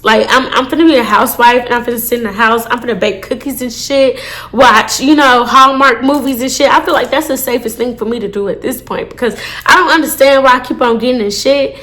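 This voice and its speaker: A woman telling a casual storytime to her viewers, animated and full of swearing. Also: a little high. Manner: animated, swears a lot, addresses viewers as y'all. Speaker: storytime vlogger.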